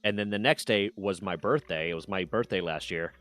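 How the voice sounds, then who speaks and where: A man's voice: sits low, a little fast, fairly bright tone, no room sound. A man streaming, casually telling a personal story with candid swearing and mock voices for others.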